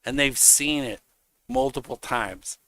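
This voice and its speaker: A man's voice: mid-range voice, slow pace, pushed and bright, no room sound. A man streaming, ranting casually in a heated, mocking way, swearing constantly. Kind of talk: casual rant.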